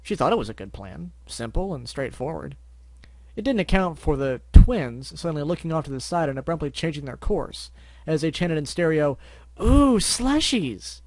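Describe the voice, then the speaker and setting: A man's voice: a little high, animated, moderate pace, a little mellow, no room sound. Man reading a story, dry close mic. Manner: slips and restarts, wry asides. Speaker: story reader. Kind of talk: fan fiction reading with asides.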